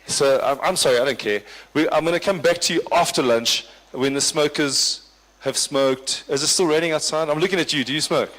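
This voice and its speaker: Guy doing crowd work at a company do, slightly high voice, big hall echo. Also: fairly quick, fairly bright tone. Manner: dry, teasing banter with the audience. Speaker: comedian and event MC. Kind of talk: live stand-up crowd work. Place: large hall at a corporate function. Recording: long hall reverb.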